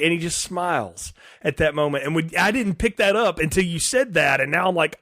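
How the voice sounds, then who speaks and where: Man, podcast co-host, higher pitch, dry close sound, chatty and enthusiastic. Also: fairly quick, few pauses, fairly bright tone, no echo. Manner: conversational, enthusiastic, quotes characters. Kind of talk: casual film review chat.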